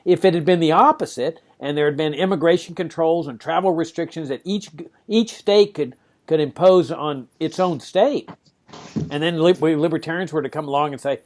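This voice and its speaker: A man from Texas, hosting a podcast discussion, animated and sometimes sarcastic, swinging his pitch up for emphasis. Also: moderate pace. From Laredo, Texas. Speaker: host.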